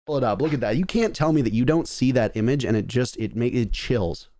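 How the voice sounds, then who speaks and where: A man hosting a casual esports chat, animated and profane, mimicking players as he talks. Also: mid-range voice, brisk, dry recording, clean studio sound.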